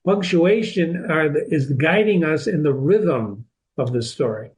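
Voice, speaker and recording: A man's voice: fairly high pitch, lively intonation, unhurried, a little mellow, slight background noise, low-quality recording. A man hosting a reading lesson who explains a novel step by step, repeating and restarting words as he stresses key points. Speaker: literature teacher and channel host.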